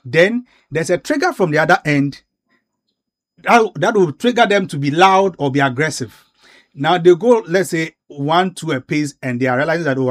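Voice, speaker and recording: A man hosting a discussion on mental health, asking questions and humming along as others talk. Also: a little high. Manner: asks questions, frequent backchannel hums. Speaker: host. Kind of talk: casual discussion panel.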